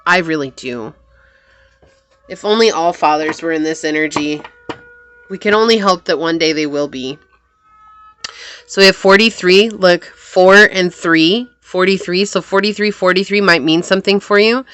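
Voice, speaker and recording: A woman reading tarot cards for her viewers. She talks earnestly and thinks aloud as she works through the spread, in a slightly low but bright, forceful voice. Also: normal speed, smooth, faint music behind. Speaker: tarot reader. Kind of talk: pick-a-card tarot reading.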